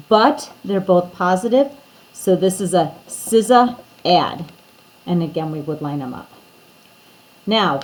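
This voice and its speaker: A woman's voice: on the low side, rough recording. A woman teacher explaining math steps to her students in a recorded lesson, talking to them directly.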